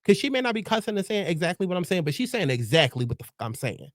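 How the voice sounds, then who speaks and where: A man's voice: high-pitched, sing-song, quick pace, no room sound. Brief: male pop culture host, profane and sassy, dry close sound.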